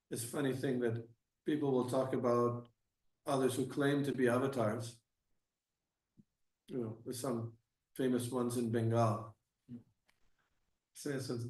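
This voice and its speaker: A man giving a scripture class and answering questions, halting with frequent restarts, then growing emphatic. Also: mid-range voice. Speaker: class speaker. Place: temple hall. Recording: echoey room, mic at a distance.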